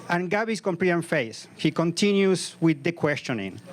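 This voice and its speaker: A man's voice: fairly high pitch, sing-song, normal speed, crowd noise, noisy background. A man in his fifties performing a live comic story on a comedy club stage, with vivid, punchy narration into a stage microphone.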